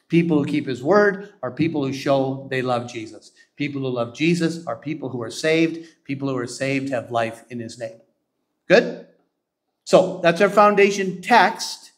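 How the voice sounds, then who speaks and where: A pastor from Canada delivers a sermon in a slightly high male voice. He works through his points with emphasis and keeps asking the listeners if they agree. He slows down deliberately when he quotes scripture. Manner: emphatic, asks the congregation to agree.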